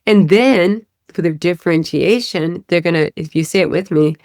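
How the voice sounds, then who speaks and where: Woman, speech pathologist, teaching podcast, fairly low voice, demonstrates sounds, dry close mic. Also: normal speed, dry recording. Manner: animated, demonstrating sounds and rhetorical "right?".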